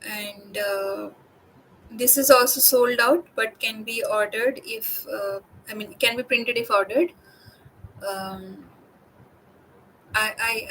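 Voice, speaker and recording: A woman artist talking through her own work in a reflective, casual way, pausing often with fillers and restarts. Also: fairly high pitch, a bit bright, slight background noise, low-quality recording. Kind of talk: casual talk.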